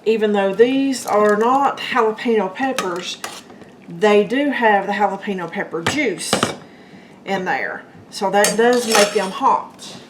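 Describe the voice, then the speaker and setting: Friendly-chatty woman cooking at home, roomy echo, pots and utensils clinking low behind her. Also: takes it slowly, noisy background. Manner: chatty, talks to viewers as guys and folks. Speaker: home cooking channel host. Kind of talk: casual cooking demonstration. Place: home kitchen. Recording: echoey kitchen room. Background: clinking dishes and utensils.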